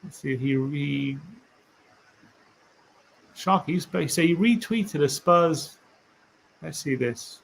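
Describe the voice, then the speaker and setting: A man's voice: fairly high pitch, takes it slowly, gravelly, long pauses, a little hiss or hum. A man hosting a casual live stream for a fan channel, reading tweets aloud, musing and rambling with rhetorical questions to viewers.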